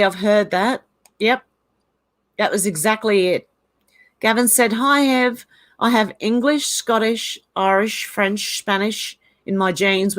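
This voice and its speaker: Reading chat messages out loud and laughing a lot, this Australian livestream host talks about her viewers' comments in a casual, chatty way. Her voice is medium-pitched with a fairly bright tone.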